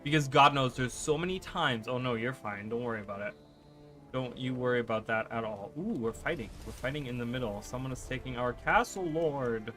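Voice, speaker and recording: A man streaming live gameplay who chats fast and rambles, often restarting his sentences. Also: mid-range voice, fairly bright tone, soft background music. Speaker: gaming streamer.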